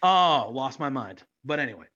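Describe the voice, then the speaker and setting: A man's voice: mid-range voice, expressive, moderate pace, pushed and bright, lo-fi sound. A man co-hosting a casual podcast chat, talking in a rambling, heartfelt way with lots of fillers. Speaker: podcast co-host.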